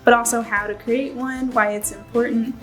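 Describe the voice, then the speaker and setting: High-voiced woman explaining a presentation. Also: steady tone, moderate pace, faint music behind, rough recording. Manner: explains steadily with frequent "um" fillers. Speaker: presenter for a bird conservation group. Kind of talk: informational presentation.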